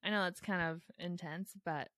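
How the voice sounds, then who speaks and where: A woman's voice: lowish voice, normal speed, fairly bright tone, no echo, clean studio sound. A young woman co-hosting a podcast, chatting casually and reflectively with plenty of fillers and easy laughter. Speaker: podcast co-host. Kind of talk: casual chat.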